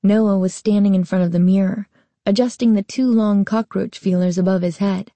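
A woman narrating a storybook aloud with a slow, even reading. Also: mid-range voice, no room sound.

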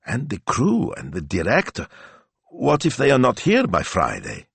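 A man's voice: mid-range voice, huge pitch swings, a little slow, vocal fry, a bit bright, breathy edge, no room sound, pitched above the performer's own voice, full character voice. A male narrator voicing an earnest, eager young shop assistant in an audiobook.

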